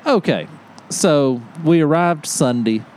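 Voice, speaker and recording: Man, podcast host, casual storytelling, animated, laughs a lot, faint background hiss. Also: fairly high pitch, takes it slowly. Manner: animated, laughs often, acts out quotes.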